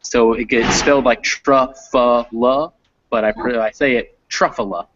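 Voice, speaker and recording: A man's voice: medium pitch, steady tone, brisk, a little hiss or hum. A man tutoring English pronunciation online, explaining patiently step by step. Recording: muffled lo-fi audio.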